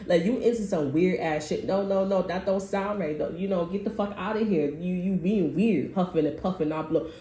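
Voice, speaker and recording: Woman reader, relaxed slangy storyteller, mellow tone, echoey room with faint hiss. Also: lowish voice, moderate pace. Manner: loose, profane, slangy storytelling with frequent laughs. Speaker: tarot reader. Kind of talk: casual chat reading.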